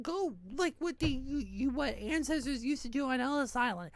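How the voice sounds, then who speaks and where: High-pitched bitter ranting woman. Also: lively intonation, moderate pace, no room sound. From New Hampshire. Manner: bitter, rambling, profane, many restarts. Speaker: online community founder. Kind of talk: ranting monologue.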